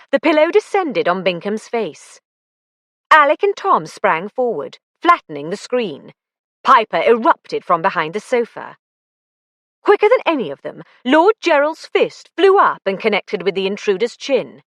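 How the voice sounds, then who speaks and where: Expressive woman audiobook narrator. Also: medium pitch, no echo, studio quality. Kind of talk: scripted narration.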